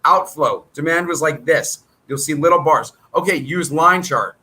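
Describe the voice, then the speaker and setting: Brief: middle-aged man, high bright voice, pushy rambling monologue host. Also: normal speed, low-quality recording. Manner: rambling, salesy and combative. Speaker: trading educator hosting his own channel. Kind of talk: casual monologue to viewers.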